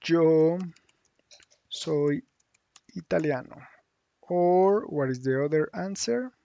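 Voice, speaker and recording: A man teaching a lesson, thinking aloud slowly with hums and restarts as he works on screen. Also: a little high, animated, gravelly, warm tone, no echo, highs cut off. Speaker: Spanish teacher. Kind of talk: screen-share language lesson.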